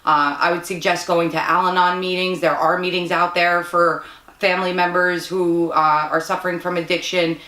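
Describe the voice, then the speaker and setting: Woman, interview guest, sincere, pauses to find words, roomy echo. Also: fairly low pitch, level tone, pushed and bright. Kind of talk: interview answers.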